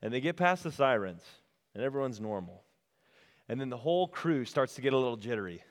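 Casual storytelling preacher, echoey hall. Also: male voice, medium pitch, sing-song, brisk. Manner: casual, storytelling, talks directly to the crowd. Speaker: retreat speaker. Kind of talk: sermon. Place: retreat meeting room.

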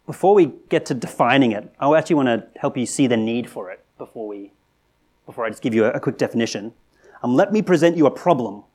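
A man preaching a sermon in a conversational, earnest way, asking rhetorical questions and rising to animated emphasis. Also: medium pitch, quick pace. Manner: conversational with frequent restarts and "right?".

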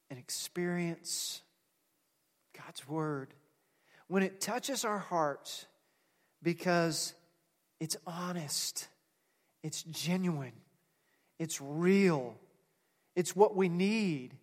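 A man preaching a sermon, talking in an earnest, conversational way with fillers. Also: high voice. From United States. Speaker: pastor. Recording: long reverb of a large hall.

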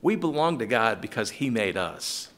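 A man's voice: mid-range voice, very animated, normal speed, fairly bright tone. A man leading a conversational Bible study, paraphrasing verses in casual speech, chuckling and calling on listeners by name. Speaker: Bible teacher.

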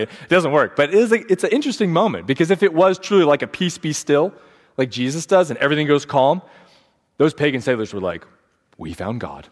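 A man preaching a sermon as pastor, storytelling with energy and acting out the quotes in changing voices. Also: fairly high pitch. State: sleep deprived. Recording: long hall reverb.

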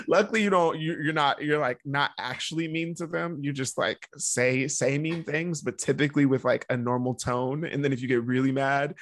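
A man co-hosting a podcast in casual chat, animated, laughing often and acting out quotes. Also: mid-range voice, moderate pace, hardly any pauses, dry recording. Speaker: podcast co-host.

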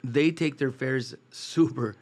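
A guest who cooks on a food truck, a man from East Los Angeles, spins long, easygoing stories about cooking at an ordinary middle pitch. He drifts comfortably from one anecdote to another, acting out the quoted dialogue and taking his time.

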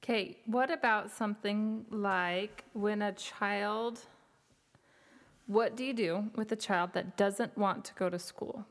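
Measured woman asking interview questions. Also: medium pitch, steady tone.

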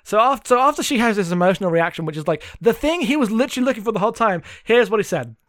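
A man's voice: sits high, expressive, rapid-fire, no echo, studio quality. A man co-hosting a casual book discussion, sarcastic and swearing freely as he mockingly acts out the characters. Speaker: podcast co-host.

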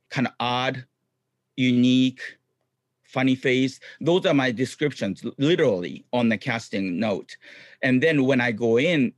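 A middle-aged man, a guest chatting in an interview in upbeat, halting English full of ums. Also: mid-range voice, no room sound. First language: Japanese. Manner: upbeat, frequent ums, non-native phrasing. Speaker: guest, clown comedian and actor. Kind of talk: casual interview chat.

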